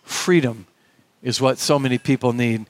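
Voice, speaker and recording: A man's voice: mid-range voice, moderate pace. A middle-aged male pastor preaching a sermon in an earnest, conversational way, often quoting dialogue.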